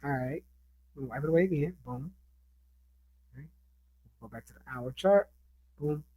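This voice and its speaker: Man with a somewhat high voice, casual instructor talking over his screen, chatty and conversational. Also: normal speed, mellow, slight background noise, poor audio. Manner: chatty, keeps asking "right?". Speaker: trading instructor. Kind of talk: casual screen-share lesson.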